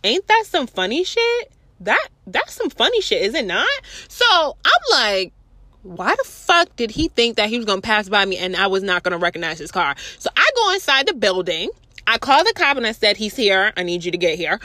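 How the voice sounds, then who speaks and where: A young woman telling a storytime rant to her viewers, animated, sarcastic and full of swearing. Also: mid-range voice, brisk, dry recording. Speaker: vlogger.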